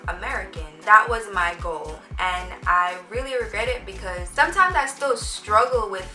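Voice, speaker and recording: A woman's voice: medium pitch, animated, moderate pace, pushed and bright, distant mic. A young woman with a polished Jamaican accent chats her way through a makeup storytime, wandering between thoughts and correcting herself as she goes. She sits well back from the mic in an echoey room, and music plays under her voice. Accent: Jamaican, prep-school polished. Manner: chatty and rambling, with frequent fillers and self-corrections. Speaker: beauty vlogger. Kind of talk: get-ready-with-me storytime chat.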